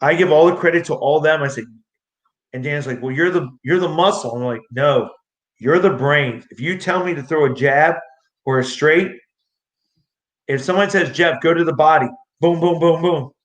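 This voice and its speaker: A young man with a fairly high voice tells his stories in a rambling, excitable rush, jumping into what others said as he goes. He is recorded in an echoey room. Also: moderate pace. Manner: excitable, rambling, acts out quotes. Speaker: guest, amateur street fighter. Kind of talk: casual storytelling interview.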